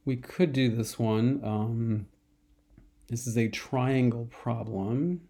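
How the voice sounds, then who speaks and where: A man with a dark, gravelly voice gives a recorded college math lecture. He talks slowly and repeats himself a lot. He keeps clearing his dry throat and coughing between phrases. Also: mid-range voice. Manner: slow, repetitive, frequently clears throat and coughs.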